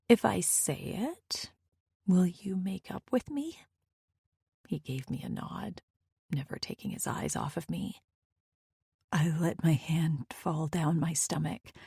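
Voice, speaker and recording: A woman's voice: low voice, gravelly, a little mellow, slightly rough, dry recording, clean studio sound. A woman narrating a first-person romance audiobook in an intimate, often near-whispered manner.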